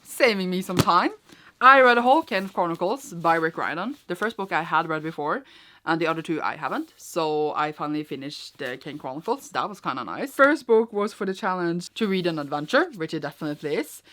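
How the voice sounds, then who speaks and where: A young woman with a low, fairly bright voice records a casual book wrap-up vlog in a cold room at home. She's expressive and a little fast, rambling chattily with lots of fillers and restarts.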